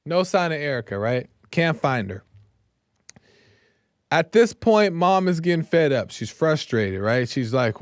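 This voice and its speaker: Smooth-voiced man telling a story casually. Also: on the high side, animated, a little slow, no echo, studio quality. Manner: conversational, keeps checking in with "right?". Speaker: host. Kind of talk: casual true-crime storytelling.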